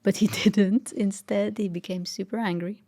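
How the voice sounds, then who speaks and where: A woman's voice: mid-range voice, steady tone, normal speed, dark tone. A woman as a podcast guest, telling a personal story in an earnest, reflective way, sometimes dropping almost to a whisper. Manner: earnest, reflective, drops to a near-whisper at tender moments.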